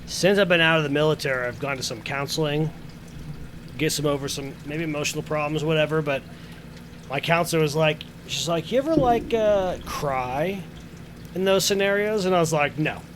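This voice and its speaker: A man's voice: on the high side, moderate pace, background noise. A man co-hosting a podcast in casual chat, telling stories in a rambling way with fillers and swearing. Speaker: podcast co-host.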